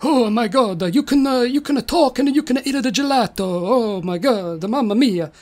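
A woman voicing a bumbling, excitable elderly male inventor who gushes in exclamations. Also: medium pitch, unhurried. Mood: excited. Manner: gushing exclamations.

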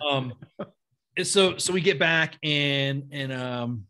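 A man's voice: fairly high pitch, pushed and bright, clean tone. A middle-aged man for whom English is a second language, telling stories bluntly and profanely in casual conversation. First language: not English. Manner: blunt, profane, quick-talking. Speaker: podcast guest, retired army sergeant major. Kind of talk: casual storytelling.

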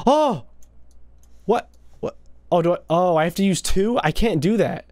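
A man's voice: sits high, lively intonation, measured pace, darkish tone, no room sound, studio quality. A young man hosting a casual gaming video, talking over gameplay with gasps, exclamations and playful taunts on a desk microphone.

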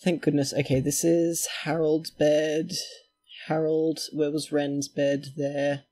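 Slow, gravelly man. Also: a little high. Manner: chatty, talks to himself and his characters, quickly excitable. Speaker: let's play host. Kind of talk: gameplay commentary.

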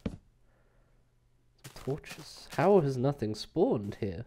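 Slow, hesitant man narrating gameplay. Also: medium pitch, big pitch swings, dark tone, a little hiss or hum. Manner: hesitant, rambling, many fillers. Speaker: let's play host. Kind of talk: casual gameplay commentary.

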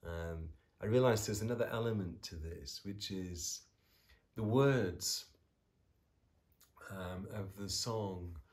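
A man teaching a song in a guitar tutorial, talking in a reflective, searching way with many pauses and restarts. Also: low-pitched. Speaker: music teacher.

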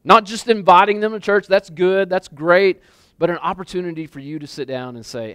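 Smooth-voiced male pastor preaching casually. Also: high voice, fairly quick, a bit bright, dry recording. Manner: casual, conversational preaching with many "like" fillers and repeats. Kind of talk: sermon. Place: church sanctuary with a congregation.

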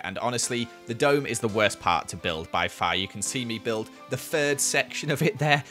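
A young man giving casual, excitable commentary over his gameplay in a voice-over. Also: lowish voice. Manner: chatty and excitable, exclaims a lot. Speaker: gaming YouTuber.

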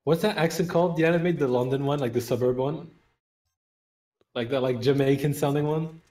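A man in game voice chat, excitable and swearing often as he calls out the action. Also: medium pitch, fairly quick, echoey room, recorded from a distance. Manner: excitable, swears often, talks over others. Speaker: gamer. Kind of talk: voice chat during online game.

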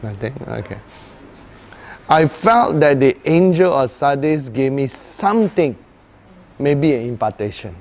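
A man's voice: mid-range voice, a little slow, long pauses, a little hiss or hum. A man preaching informally to a small prayer group, telling stories with frequent chuckles. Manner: chuckles often, lively storytelling. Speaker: preacher leading a prayer meeting.

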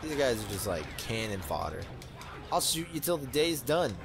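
A young man giving excitable, rambling commentary while playing a video game, with many fillers. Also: medium pitch, normal speed, vocal fry, over music. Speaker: let's play host. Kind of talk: gaming commentary.

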